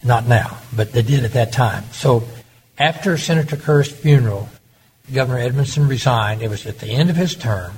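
In this storytelling interview, the former Oklahoma governor, an older man, recounts anecdotes and performs the quoted lines. He speaks at a medium pitch and moderate pace with a darkish tone, and the audio is poor with slight background noise.

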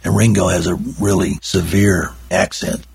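An older man, his deep voice thick with gravel. It is husky and rough-edged. He tells his stories in a folksy, wandering way, full of asides. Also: little pitch movement, normal speed, darkish tone. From Oklahoma. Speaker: recording engineer and guest. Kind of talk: rambling anecdotal storytelling.

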